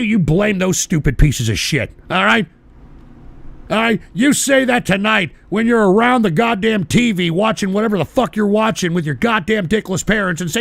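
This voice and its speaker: A man hosting a radio show, ranting angrily and profanely with bursts of shouting while he smokes. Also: sits high, lively intonation, brisk, creaky, no echo. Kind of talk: ranting monologue.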